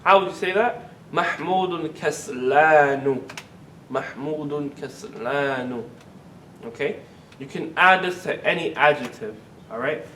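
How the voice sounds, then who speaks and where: A man teaching an Arabic grammar class, asking the students questions, having them repeat words and drawing words out slowly to model them. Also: lively intonation, bright, forceful tone, recorded from a distance. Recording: echoey classroom recording with faint rumble.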